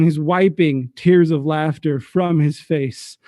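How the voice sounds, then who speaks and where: A man's voice: a little high, steady tone, slow, hardly any pauses, mellow, no room sound. Game master man, dry close sound. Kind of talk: narrating a tabletop game.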